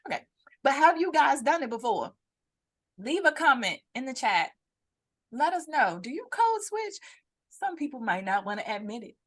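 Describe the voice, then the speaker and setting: Laughing, animated woman podcaster on a call. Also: sits high, normal speed. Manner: animated, laughing, slips into playful put-on voices. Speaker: podcast co-host. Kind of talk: casual chat. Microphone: video call.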